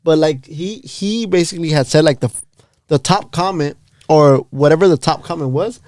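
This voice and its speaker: A man's voice: fairly high pitch, normal speed, a little mellow, no room sound, studio quality. A young man from Los Angeles co-hosting a podcast, rambling through stories in slangy, casual chat and laughing often. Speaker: podcast co-host.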